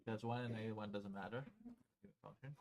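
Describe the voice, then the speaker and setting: A man's voice: lowish voice, steady tone, a little fast, darkish tone. A man teaching a calculus class, explaining steps conversationally and often checking with students whether they follow. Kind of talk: classroom lecture at a whiteboard.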